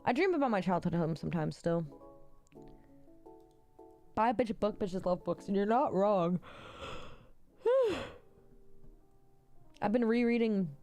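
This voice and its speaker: Gravelly-voiced woman streamer, blunt and profane. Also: medium pitch, big pitch swings, mellow, soft background music. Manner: profane, blunt, quick reactions. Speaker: livestream host. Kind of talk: casual livestream chat.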